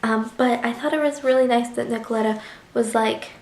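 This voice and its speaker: A woman's voice: on the high side, fairly even intonation, fairly quick, echoey room. A young woman reviewing a book in a casual vlog, chatty and gushing with lots of filler words.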